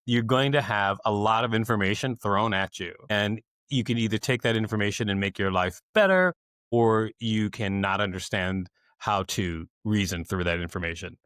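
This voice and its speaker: Lively storytelling man, dry sound. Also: on the low side, normal speed, smooth, no room sound. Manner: animated storyteller who acts out quoted voices and laughs often. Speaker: comedian and cartoonist guest. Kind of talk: conversational storytelling interview.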